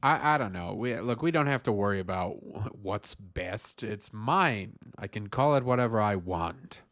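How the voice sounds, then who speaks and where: A man's voice: lowish voice, expressive, moderate pace, fairly bright tone. A man streaming his game development work, musing aloud to himself in a casual, self-mocking way. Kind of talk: casual livestream talk to himself.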